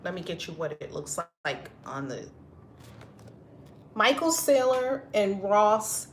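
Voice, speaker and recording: A woman's voice: mid-range voice, very animated, slow, a little hiss or hum. A woman hosting a live stream, chatting casually and effusively with viewers, greeting them by name and laughing often. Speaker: livestream host.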